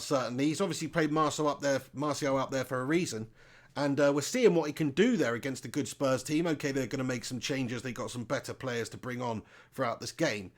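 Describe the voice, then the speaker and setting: A man hosting a live football watch-along, chatting loosely and reading viewer comments aloud. He calls viewers mate, and his voice sits a little high. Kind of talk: casual live-stream commentary.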